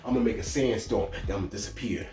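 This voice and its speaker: A man's voice: fairly low pitch, rapid-fire, echoey room, far from the mic, music in the background, pitched below the performer's own voice, lightly acted. A man voicing a blasé male sand villain in an offhand, mumbling way.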